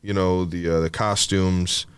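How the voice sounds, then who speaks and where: A man's voice: low voice, little pitch movement, unhurried, clean tone, no echo. A young man co-hosting a podcast, talking in a loose, rambling way, swearing and laughing often. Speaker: podcast co-host. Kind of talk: casual chat.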